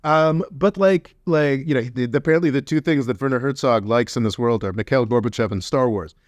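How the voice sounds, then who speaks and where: A man co-hosting a podcast in casual political chat, animated and heated, mocking others in quick put-on voices. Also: medium pitch, no room sound. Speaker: podcast co-host.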